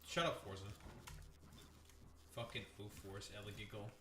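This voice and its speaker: A man's voice: lowish voice, expressive, moderate pace, bright, forceful tone, reverberant, faint music behind. A man streaming, trading crude, teasing banter and mock-grandiose announcements with his chat. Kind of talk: casual livestream banter.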